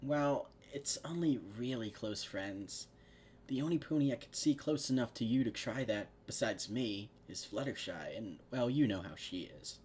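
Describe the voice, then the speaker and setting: A man's voice: mid-range voice, expressive, moderate pace, darkish tone, a little hiss or hum, close to an everyday voice. A man reading the lines of a brash tomboyish female pegasus pony in a blunt, matter-of-fact way, close to his own voice. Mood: casual.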